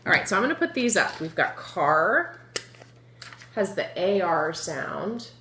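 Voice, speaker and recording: A woman teaching young children a phonics lesson, slowly drawing out word sounds and asking the class questions. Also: mid-range voice. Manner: slow, drawn-out sounding of words; lively, encouraging, asks the children questions. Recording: echoey room with faint noise.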